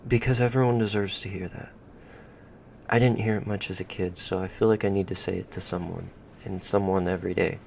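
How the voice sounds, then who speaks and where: A kind, open-hearted nineteen-year-old speaks earnestly and affectionately, voiced by a man telling a story. His voice sits low, with a gravelly fry, and a faint hiss lies behind it. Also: steady tone, fairly quick, darkish tone.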